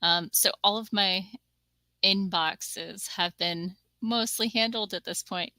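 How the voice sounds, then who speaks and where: A woman hosting a casual home livestream, chatting playfully and slipping into soft whispered asides. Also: mid-range voice, slow, dry recording, rough recording. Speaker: stream host. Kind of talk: casual chat.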